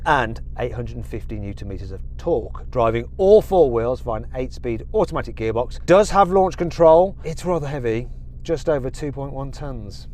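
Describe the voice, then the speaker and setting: A man's voice: medium pitch, a little mellow, a little hiss or hum. A middle-aged man presenting a car show in a jokey, self-mocking, chatty way from inside a car. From England. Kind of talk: jokey car review chat.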